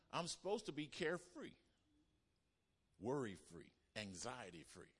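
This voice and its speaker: A male pastor preaching a sermon with call-and-response, swinging between loud emphatic lines and hushed, quiet ones. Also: mid-range voice, expressive, normal speed. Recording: reverberant hall.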